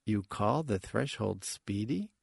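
A man's voice: fairly low pitch, expressive, slow pace, creaky, slightly rough, no room sound, clean studio sound, full character voice. A man voicing a polite, hesitant young man who is new and unsure of his surroundings. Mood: wary.

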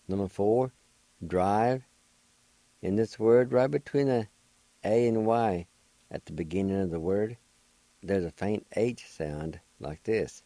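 A man's voice: on the low side, slow pace, pauses often, dark tone, no room sound. An older man with a Cherokee accent, hosting a radio language lesson and patiently spelling out words letter by letter. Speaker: language teacher and radio host.

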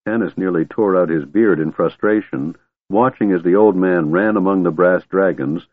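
A man narrating a fantasy audiobook in a measured, expressive storytelling voice. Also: fairly low pitch, husky, no room sound. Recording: tinny phone-like dry recording.

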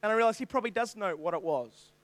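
An Australian man with a strikingly high voice preaches to a youth group, spinning a self-mocking story with plenty of jokes. He is animated and keeps calling out to the crowd for replies, and the sound is close and dry with no room echo. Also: quick pace.

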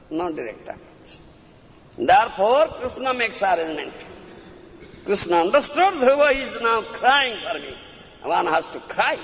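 High-voiced man giving a sermon. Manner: keeps prompting listeners with "Huh?" and "Understand?". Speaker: spiritual teacher. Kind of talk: devotional discourse to disciples. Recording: lo-fi recording in a reverberant hall.

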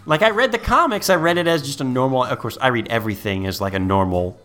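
A man's voice: mid-range voice, animated, a bit bright, soft background music. Joking man riffing on a podcast. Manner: joking, riffing, quick asides. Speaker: podcast co-host. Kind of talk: casual comedic chat.

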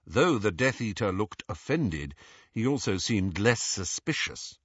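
Male audiobook narrator, animated, bright and forceful, dry and slightly muffled sound. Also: lowish voice, measured pace, slightly rough, no echo. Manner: expressive, animated reading. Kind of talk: scripted narration.

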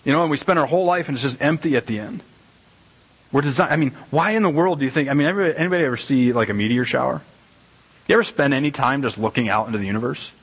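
Husky-voiced rambling preacher man. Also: medium pitch, very fast, rough recording. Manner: animated, rambling, with many restarts and repeated words. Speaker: pastor. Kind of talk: casual conversational sermon. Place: church sanctuary.

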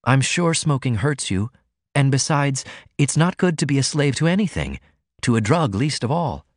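A man reading an audiobook, voicing a refined young woman who gently scolds in a prim, coaxing manner. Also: medium pitch, sing-song, moderate pace, no echo, studio quality, pitched above the performer's own voice. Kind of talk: audiobook character voice.

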